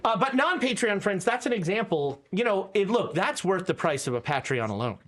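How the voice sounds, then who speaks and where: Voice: mid-range voice, big pitch swings, fairly quick, a bit bright, slight background noise. A game master chatting casually, hesitant and full of stammered fillers. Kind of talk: casual chat.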